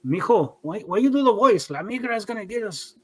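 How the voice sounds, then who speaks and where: A man's voice: high-pitched, expressive, fairly quick, a bit bright, a little hiss or hum, voice pushed up. A man doing a grumpy Spanish-accented older dad. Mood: indignant. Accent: Spanish-accented English. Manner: indignant, insistent, repeats "okay?". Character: grumpy older Hispanic dad, stubborn and defensive.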